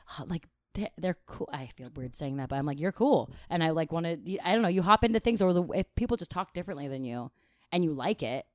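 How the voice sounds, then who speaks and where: A woman co-hosting a podcast in casual chat, blunt and quick to laugh. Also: low voice, no echo. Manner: lively, laughs often, blunt. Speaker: podcast co-host.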